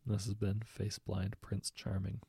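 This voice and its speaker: A man's voice: on the low side, little pitch movement, a little slow, dark tone, breathy edge, dry recording. A man narrating a comic fairy tale with wry conversational asides. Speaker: storyteller.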